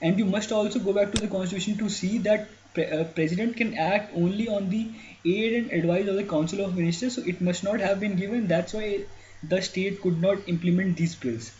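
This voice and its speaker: High-voiced man teaching exam prep. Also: steady tone, a little fast, a little mellow. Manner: explanatory, many fillers and restarts. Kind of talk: lecture on a newspaper editorial. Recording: dull lo-fi sound with faint noise.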